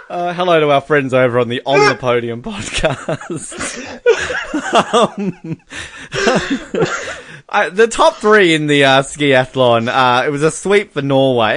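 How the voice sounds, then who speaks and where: A man's voice: a little high, sing-song, takes it slowly, a bit bright. A man hosting a casual sports podcast, joking and laughing often. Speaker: podcast host.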